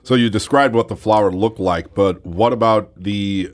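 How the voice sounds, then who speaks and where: A male radio host with a somewhat low voice opens the segment and guides his guest. He asks his questions in a measured, friendly way. He sounds at home in a studio. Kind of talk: scripted intro and interview questions.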